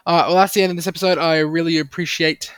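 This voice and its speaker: A man's voice: on the high side, little pitch movement, fast, fairly bright tone, clean tone, no echo, studio quality. A young man, ranting angrily and swearing constantly as the host of a solo podcast. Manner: angry, profane, swearing constantly.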